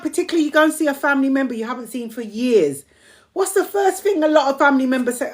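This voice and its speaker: Woman host, slightly higher voice, emphatic repeated affirmations, strained voice. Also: lively intonation, fairly quick. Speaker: community host of a live stream. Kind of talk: motivational live-stream talk.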